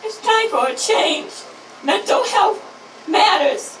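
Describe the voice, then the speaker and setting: Heard distantly through echo and passing traffic, a high-voiced woman in her fifties, a mother in mourning, addresses an outdoor rally. She speaks slowly and expressively but with drive, circling back to her slogans and building to shouts.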